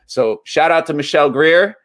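A man's voice: on the high side, normal speed, fairly bright tone, no echo, clean studio sound. A man hosting an interview, giving enthusiastic praise and asking wrap-up questions. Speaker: interview host.

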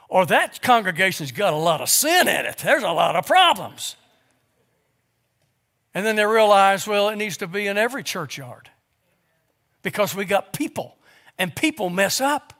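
A man's voice: high voice, a bit bright. A man preaching a sermon to his congregation in a church, full of rhetorical questions and stammered restarts. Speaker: pastor. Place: church sanctuary.

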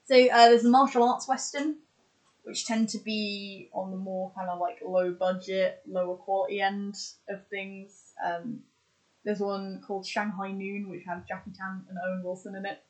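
A woman's voice: medium pitch, level tone, moderate pace, low-quality recording. A woman in casual podcast chat, running through examples with lots of fillers and restarts. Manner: chatty, lists examples with many fillers and restarts. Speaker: podcast co-host.

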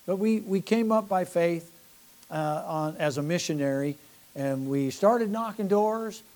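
Folksy older pastor, higher voice. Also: male voice, measured pace. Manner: folksy, animated storytelling with laughs and asides. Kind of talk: sermon storytelling.

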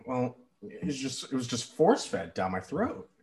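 A man co-hosting a casual sports podcast, animated and exasperated, swearing freely. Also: medium pitch, moderate pace. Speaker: podcast co-host. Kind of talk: casual chat.

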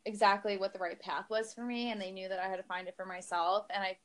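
A young woman talks casually on a podcast at a middle pitch, her story full of fillers and quick laughs. She comes across as relaxed and conversational. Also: poor audio. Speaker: podcast guest. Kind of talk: casual chat.

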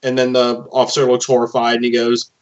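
A man's voice: medium pitch, completely flat delivery, fast talker. A man in casual podcast chat who insists on his point and tells a comic bit. The sound is dull and lo-fi. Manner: insistent, storytelling. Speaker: podcast co-host.

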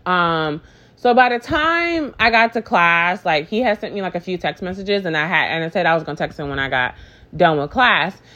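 On a muffled recording, a woman with a lowish voice and moderate pace shares a rambling storytime in casual chat. She swears a lot, leans on fillers and animatedly acts out both sides.

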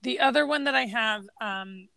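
A woman with a slightly high, gravelly voice talks through favourite movie scenes in a relaxed way. She quotes lines as she retells them, and the recording is dry and close. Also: moderate pace, no room sound. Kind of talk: casual film discussion.

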